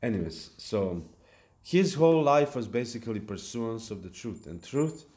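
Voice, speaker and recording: A man giving a devotional lecture at a temple, speaking in a halting way with fillers and restarts. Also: medium pitch, expressive, darkish tone. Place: temple hall.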